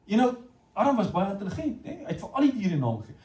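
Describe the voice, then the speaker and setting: A middle-aged man with a South African accent preaches a sermon in rapid-fire, animated storytelling, addressing his congregation directly. His slightly high voice swoops up and down with lively energy. He sounds far from the mic in a roomy, echoing church hall.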